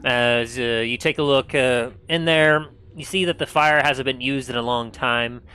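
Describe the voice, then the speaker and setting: A man narrating as game master of a tabletop role-playing game, setting scenes in an unhurried, descriptive way. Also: medium pitch, sharp tone, clean tone.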